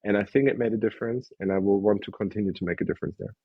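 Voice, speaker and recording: Husky-voiced man telling animated stories. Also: lowish voice, very fast, no echo, highs cut off. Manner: emotional, animated storytelling with acted-out quotes. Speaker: guest investor. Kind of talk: candid interview talk.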